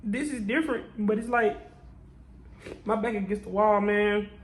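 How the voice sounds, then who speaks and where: A woman's voice: medium pitch, fairly even intonation, normal speed, low-quality recording. A tearful woman vlogger talking to her viewers in an emotional confessional vlog, repeating herself in a prayerful, testifying way.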